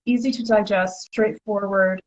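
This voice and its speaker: A woman's voice: mid-range voice, fairly even intonation, a little slow, muffled recording. A woman hosting a casual interview chat, talking with eager enthusiasm and lots of filler words. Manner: enthusiastic, chatty, many "like" fillers. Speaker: host.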